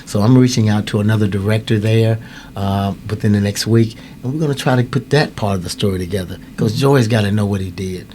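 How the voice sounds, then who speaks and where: A man in his fifties, a youth coach and club director, telling a story in a podcast interview, animated and acting out the voices of others. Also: lowish voice, brisk, slight background noise. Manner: animated, acts out quoted voices.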